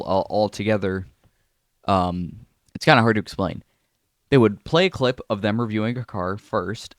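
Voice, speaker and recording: A man hosting a solo podcast, talking in a casual, rambling way with halting restarts. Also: lowish voice, smooth, dry recording, clean studio sound. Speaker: podcast host.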